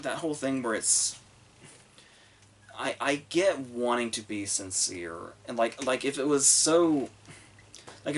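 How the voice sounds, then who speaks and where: On his movie review podcast, a man rambles casually about a film, swearing a lot, restarting sentences and leaning on fillers. His voice sits in the mid-range with a fairly bright tone, and there's a little hiss or hum in the recording.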